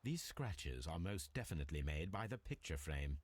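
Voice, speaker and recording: An actor playing a calm, methodical Victorian detective in a video game, questioning witnesses in measured, formal speech. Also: male voice, rumbling low, heavy background noise. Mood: probing.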